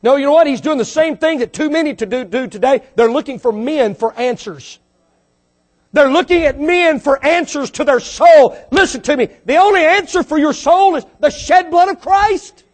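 A man with a very high voice preaches a sermon. He fires off rhetorical questions and climbs to fervent peaks, often repeating words and starting phrases over. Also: animated, moderate pace. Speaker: pastor.

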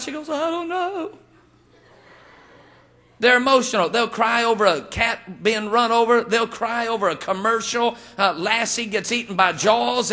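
A man's voice: sits high, sharp tone. A man preaching a humorous sermon as a pastor, telling folksy stories and acting out the people he quotes. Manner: folksy storytelling with jokes; acts out quoted voices.

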